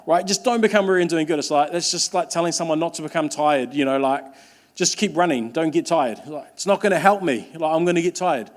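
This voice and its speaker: A young man preaching a sermon, earnest and emphatic, with lots of repetition and quick restarts. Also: on the high side. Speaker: pastor.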